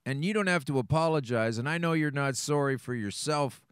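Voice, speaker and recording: A man's voice: on the high side, fairly quick, smooth, no room sound, clean studio sound. A man hosting a podcast, blunt and opinionated, swearing casually as he introduces a guest. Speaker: show host.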